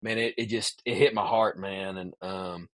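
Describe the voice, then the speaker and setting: A man's voice: low-pitched, moderate pace. A man, a podcast guest, casually telling a long story with lots of "man" asides. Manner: animated storyteller, peppers speech with "man".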